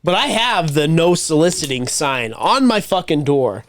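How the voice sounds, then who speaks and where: A man's voice: fairly high pitch, very animated, normal speed. A man co-hosting a podcast in casual chat, joking, swearing freely and laughing easily. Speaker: podcast co-host.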